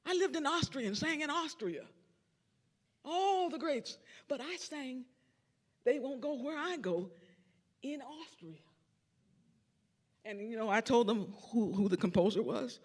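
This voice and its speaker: An older man, a church organist and choir director, giving a storytelling lecture in a large concert hall, animated and breaking into sung snippets. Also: very high-pitched, unhurried, long pauses. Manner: animated, sings snippets and acts out quotes.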